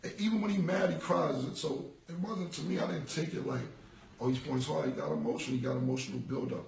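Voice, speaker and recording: A man's voice: fairly high pitch, quick pace, vocal fry, darkish tone, roomy sound, far from the mic, a little hiss or hum, low-quality recording. A man in his forties in a casual livestream monologue, rambling and repeating himself in street slang. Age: 40s. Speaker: rapper. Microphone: phone.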